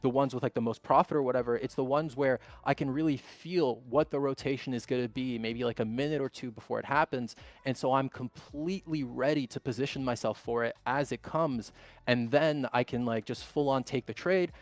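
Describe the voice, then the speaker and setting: A man's voice: mid-range voice, brisk, no echo. A man appearing as a guest on a live stream, talking candidly and bluntly and swearing freely. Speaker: guest trader. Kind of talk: casual chat on a live stream.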